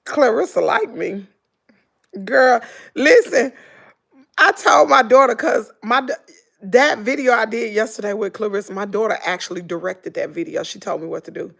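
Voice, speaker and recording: A woman's voice: fairly high pitch, moderate pace, creaky, slightly rough. A middle-aged woman with a Southern American accent, chatting casually on a livestream, telling stories animatedly and mimicking her daughter. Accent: Southern American English. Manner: animated storytelling, mimics her daughter, talks to viewers as "girl" and "y'all". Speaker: vlogger.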